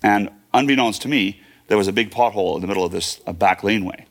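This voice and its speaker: Tell it fast, low and gravelly, like a man in his fifties reliving a childhood story. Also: a bit bright. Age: 50s. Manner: vivid present-tense retelling with fillers and restarts. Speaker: guest. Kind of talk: personal storytelling.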